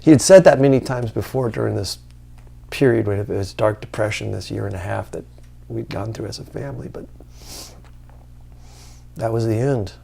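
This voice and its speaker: A man telling a personal story in a hesitant, quiet, reflective way. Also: fairly low pitch, normal speed, vocal fry, slightly rough.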